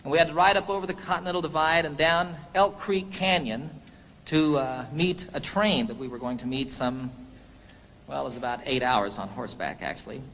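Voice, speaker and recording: A man's voice: a little high, fairly quick, fairly bright tone, long reverb tail, a little hiss or hum, rough recording. A man, a singer-songwriter, telling a story to his audience between songs in a folksy, chatty way.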